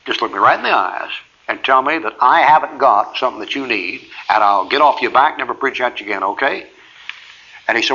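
A man's voice: medium pitch, expressive, fast talker, bright, forceful tone, dull audio. A man preaching a sermon, telling a personal story in a folksy way and acting out both sides of each conversation.

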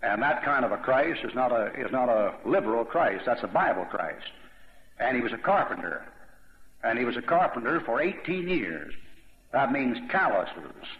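A man preaching a verse-by-verse Bible sermon in a conversational, rambling way, with asides and questions to his listeners. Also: medium pitch. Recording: dull lo-fi recording in an echoey hall.

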